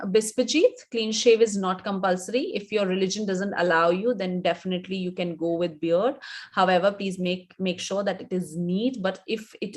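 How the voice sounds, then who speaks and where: A woman's voice: medium pitch, darkish tone. Indian woman coaching in a live webinar. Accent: Indian English. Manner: instructive, repeats points for emphasis. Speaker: image coach answering live questions.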